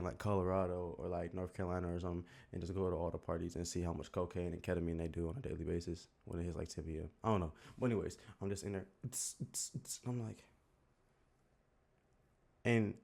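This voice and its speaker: A young man's lowish, creaky, slightly mellow voice carries a loose, slangy story told YouTuber-style. He speaks with a Southern US accent and leans heavily on filler words as he rambles through casual storytelling.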